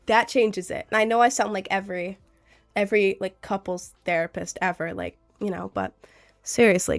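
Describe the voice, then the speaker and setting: A young adult woman streamer, chatting casually and earnestly giving relationship advice to her chat, with lots of fillers. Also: mid-range voice.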